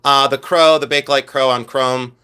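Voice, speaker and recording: A man's voice: medium pitch, normal speed, clean tone. A man hosting a live stream, chatting casually and campily about his jewelry collection and answering viewers' comments. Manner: chatty, campy, animated, talks to viewers' comments. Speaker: podcast host and jewelry collector.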